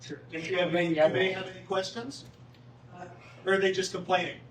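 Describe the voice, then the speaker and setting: A high-pitched man, speaking a little quickly with fairly even intonation, shares golf club news at a town hall in a meeting room. He's relaxed and jokes with the crowd, while the audio carries room echo, distance from the mic, and faint noise.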